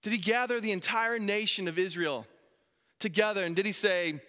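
A man in his thirties delivers a sermon from a church stage, his voice bright and a touch high. He tells stories with animation and slips into voices for the people he quotes. The sound carries a long reverb from the hall. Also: brisk. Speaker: pastor. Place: church sanctuary.

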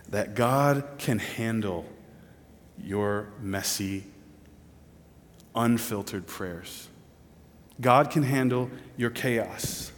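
A man preaching a sermon with earnest intensity. He drops soft and low, then rises loud and pleading. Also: a little hiss or hum. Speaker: pastor. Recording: long reverb of a large hall.

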